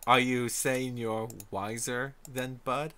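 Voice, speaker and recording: A man's voice: mid-range voice, little pitch movement, slow, bright, forceful tone, clear, resonant tone. A man hosting a livestream chat, teasing his guest and often hesitating. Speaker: stream host.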